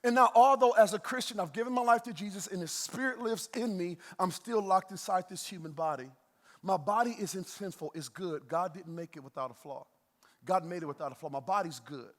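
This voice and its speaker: A pastor with a fairly high voice preaches in a loose, lively, conversational way, tossing playful jokes to his congregation between points. His voice rings out with long reverb in a large church auditorium.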